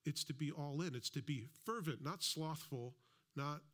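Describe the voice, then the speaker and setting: A man's voice: a little high, moderate pace, a bit bright. A man preaching a sermon as a pastor, in a conversational style with asides and acted-out quotes. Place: church.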